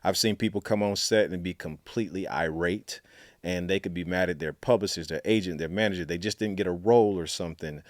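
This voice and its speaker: Deep-voiced man from Alabama. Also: fairly quick, no echo, studio quality. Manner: chatty, many fillers, acts out quotes. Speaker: guest, author and storytelling coach. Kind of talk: casual interview storytelling.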